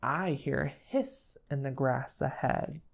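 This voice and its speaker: A woman's voice: a bass voice, slow pace, creaky, heavily acted. A woman voicing a big, hungry, gullible male forest monster while reading a picture book aloud, drawing her words out.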